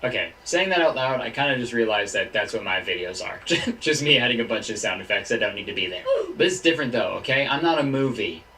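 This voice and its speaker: A young man giving jokey, animated commentary on memes, laughing often as he goes. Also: mid-range voice, quick pace, roomy sound, recorded from a distance, a little hiss or hum, rough recording. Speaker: YouTuber. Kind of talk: casual meme commentary.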